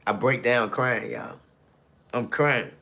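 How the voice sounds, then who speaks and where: A man on a live stream, speaking at an ordinary middle pitch while he tells his story like a sermon. He keeps calling out to his audience and repeats phrases to build emphasis. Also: fairly even intonation, slow pace, creaky, bright, forceful tone. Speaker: landscaping business owner.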